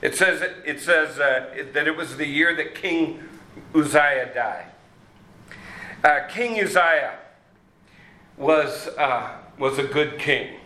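A man preaching a sermon, slow and halting with many fillers and restarts. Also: on the high side, pushed and bright, roomy sound, rough recording. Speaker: pastor.

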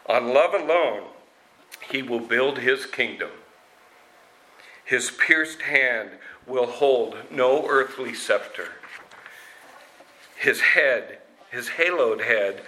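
A man voicing a wise old king in a rich baritone, speaking slowly and solemnly. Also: bright, forceful tone, poor audio. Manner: slow and solemn.

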